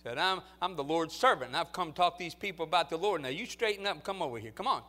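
High-voiced man preaching with fervor. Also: quick pace, faint music behind. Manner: animated preaching that swings from quiet storytelling to loud exhortation. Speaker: pastor. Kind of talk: storytelling sermon.

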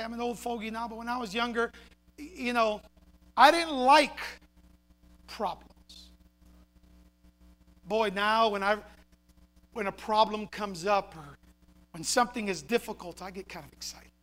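A man with a very high voice preaching a sermon. He moves between fiery shouted points and soft, hushed asides, punching key phrases with repetition. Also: normal speed, long pauses. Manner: animated, shouting for emphasis, then dropping quiet.

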